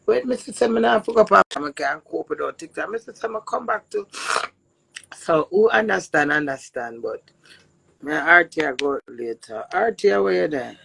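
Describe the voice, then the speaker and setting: A woman's voice: lowish voice, moderate pace, gravelly, husky, no echo. A middle-aged Jamaican woman chatting casually on a live stream, telling stories and laughing often. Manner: animated storytelling with frequent laughs.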